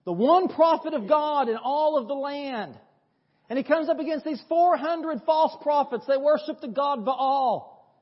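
A man's voice: very high voice, unhurried. Male pastor, storytelling sermon, dull lo-fi church recording with a long hall echo. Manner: lively storytelling, conversational, with rhetorical questions. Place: church sanctuary.

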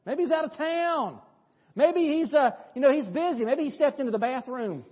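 A man's voice: very high-pitched, fast talker, breathy edge, exaggerated voice. Man playing a teasing prophet, sarcastic, dull lo-fi sound with long reverb. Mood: mocking. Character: Elijah, a prophet mocking his rivals.

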